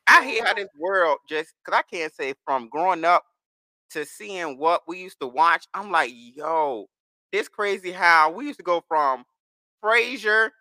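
A young man in casual podcast chat, animated, rambling and profane. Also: high-pitched, a little slow, no echo, studio quality.

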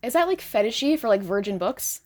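A woman's voice: fairly high pitch, expressive, a little fast, darkish tone. Gushing young woman from California. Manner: gushing, fillers of "like". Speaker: podcast co-host. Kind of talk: casual chat.

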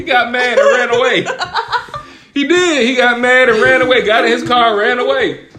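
A man's voice: very high-pitched, normal speed. A man, a podcast co-host telling funny stories, acting out quotes and laughing often. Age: adult, parent of nearly ten-year-old. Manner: animated storyteller, acts out quotes, laughs often. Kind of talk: casual chat, storytelling.

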